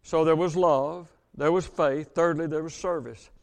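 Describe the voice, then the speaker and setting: Baptist pastor, male, high tenor voice, sermon delivery with scripture readings and questions to the pews. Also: steady tone, creaky. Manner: reads scripture aloud, slows for emphasis, asks congregation questions.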